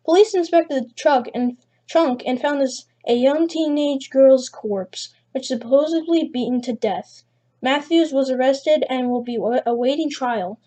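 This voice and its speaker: A woman voicing a television news reporter in a creepypasta story, in a flat reporting tone. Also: high-pitched.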